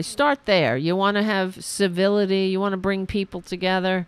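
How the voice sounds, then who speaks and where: A woman hosting a political commentary podcast, ranting sarcastically and mocking opponents in high put-on voices. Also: normal speed, few pauses, clean tone, no room sound.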